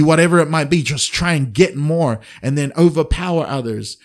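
A man's voice: a little high, animated, normal speed, few pauses. A middle-aged man preaching to an online congregation in a conversational way, asking the audience questions. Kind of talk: sermon. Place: online service with a chat.

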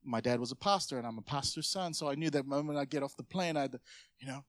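A man's voice: medium pitch, fast, fairly bright tone, no room sound, studio quality. A man preaching a sermon as a pastor, telling a personal story with emotion and building to exhortation. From Samoan family. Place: church hall.

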